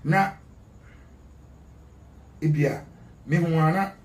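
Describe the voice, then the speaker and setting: Speaking slowly in a voice that's a little high, this Ghanaian interview guest stays emphatic, repeating words to stress them. His animated talk blends Twi and English, recorded in an echoey room.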